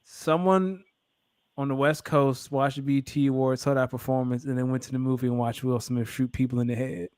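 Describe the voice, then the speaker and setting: A man's voice: mid-range voice, fairly even intonation, fairly quick, a little mellow, clean tone, no room sound, studio quality. A man co-hosting a casual podcast, trading wry jokes in easy banter. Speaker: podcast co-host. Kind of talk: casual sports and culture chat.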